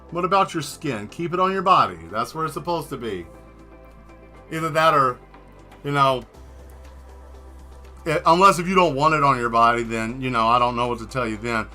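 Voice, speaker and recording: A man's voice: medium pitch, bright, forceful tone. A man hosting a casual livestream while he draws, joking and rambling straight to his viewers. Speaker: livestream host painting and answering chat.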